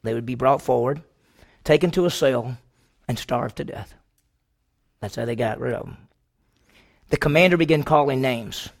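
A male preacher with a gravelly, mid-pitched voice delivers a sermon as a dramatic story. He moves between raised, pointed questions and hushed, drawn-out lines spoken to the congregation. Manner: swings from loud questions to hushed, slow delivery.

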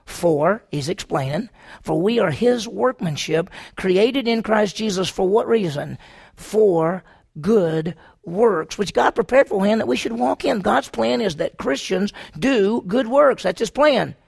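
A man's voice: high-pitched, animated, unhurried, creaky, husky. A man preaching a sermon, driving his points home with repeated rhetorical questions to the congregation. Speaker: pastor.

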